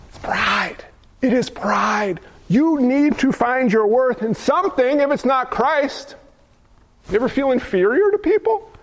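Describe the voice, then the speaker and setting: A man's voice: extremely high pitch, lively intonation, moderate pace. A man preaching a sermon to a congregation, fervent and emphatic, firing rhetorical questions at his listeners.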